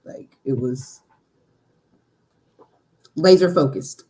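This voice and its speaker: A woman with a low voice gives her take on a football game on a casual podcast. She starts with some hesitation and fillers, then lands her points firmly. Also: extremely slow, dark tone. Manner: hesitant, many "uh" and restarts, then emphatic. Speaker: podcast co-host. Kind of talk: casual sports podcast chat.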